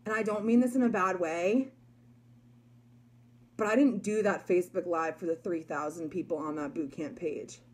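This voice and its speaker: A woman's voice: fairly low pitch, moderate pace, darkish tone, breathy edge. Woman, young adult, emphatic, chatty, motivational talk. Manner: chatty, emphatic, many likes and you guys. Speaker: network marketer.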